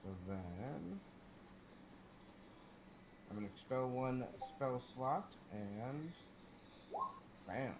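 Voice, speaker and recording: A man's voice: medium pitch, animated, extremely slow, pauses often. A man playing a tabletop game, thinking aloud and restarting his sentences. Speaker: player. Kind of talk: casual tabletop play. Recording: clear background hiss.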